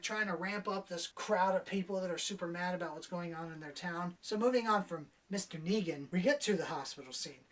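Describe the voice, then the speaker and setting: A woman's voice: medium pitch, distant mic. A young adult woman giving a casual spoiler review of a movie, exasperated and profane, doing mocking impressions of the characters.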